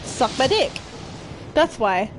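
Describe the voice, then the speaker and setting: A young woman talks through her game stream in a relaxed, slow, chatty way. Her voice sits a little high, and she giggles and swears freely. Faint ambient noise sits behind her. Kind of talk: casual live-stream chat.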